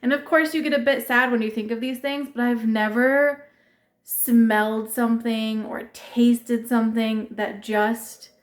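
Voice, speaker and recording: Woman, 30s, casual vlog talk, chatty, frequent little laughs, slightly high voice. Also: fairly even intonation, a little slow. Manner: chatty, laughs often between words. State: teary, crying while laughing. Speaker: vlogger.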